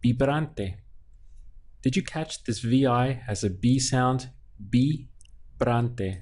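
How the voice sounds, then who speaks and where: A man's voice: medium pitch, slow, darkish tone. A man teaching a language lesson, patiently splitting words into syllables and repeating them. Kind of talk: slow, clear language lesson.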